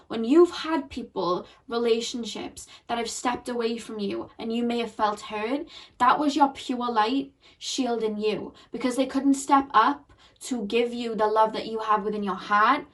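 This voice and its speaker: A tarot card reader with a fairly high voice gives her viewers an emotional, earnest reading, repeating phrases as she grows teary. She sounds distant from the mic.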